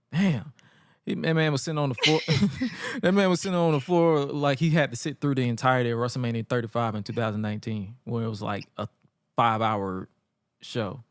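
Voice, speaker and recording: A man's voice: mid-range voice, quick pace, no room sound, clean studio sound. A man co-hosting a casual recap chat, telling the story with energy and acting out lines in funny voices. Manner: animated, acts out wrestlers' lines in funny voices. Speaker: podcast co-host.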